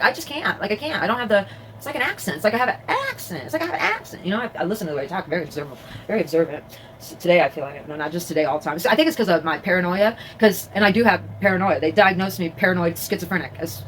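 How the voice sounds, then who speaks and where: This woman, a vlogger and crafter, rambles casually from indoors at home, with many fillers and restarts. Her voice is lowish, and the poor audio has slight background noise.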